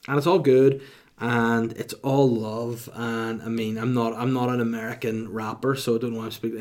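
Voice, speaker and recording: A man's voice: medium pitch, level tone, moderate pace, darkish tone. Crude, self-mocking man. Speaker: podcast host. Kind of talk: casual solo podcast monologue.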